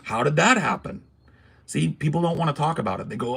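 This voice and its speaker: A man's voice: on the high side, expressive, fairly quick, gravelly, fairly bright tone, husky. A man hosting a casual podcast, talking emphatically in a ranting, swearing style. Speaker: podcast host. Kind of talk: casual political podcast talk.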